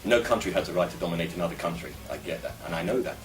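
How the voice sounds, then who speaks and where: Talking very fast to camera, a man from England delivers a rambling, opinionated, musing monologue in an expressive, low-pitched voice. Soft music plays underneath, and his voice comes from a distance in an echoey room.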